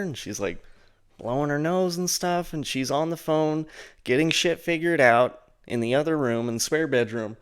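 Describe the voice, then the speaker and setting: A man hosting his own show, telling a rambling personal story full of "like" and "and then," putting on a higher voice to mock what others said. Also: unhurried, smooth. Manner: mocks the friend's lines in a higher voice. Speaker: show host. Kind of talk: casual storytelling.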